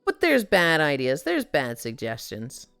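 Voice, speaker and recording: A woman's voice: deep voice, wildly swooping pitch, measured pace, gravelly, a bit bright, clear, resonant tone, dry recording, faint music behind. A woman in her twenties streaming casually, telling profane stories and reading chat aloud.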